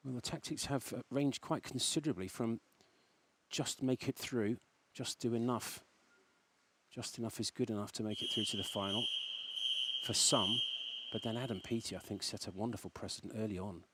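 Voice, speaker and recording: Excitable male sports commentator. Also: medium pitch, moderate pace, breathy edge. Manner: enthusiastic, exclamatory.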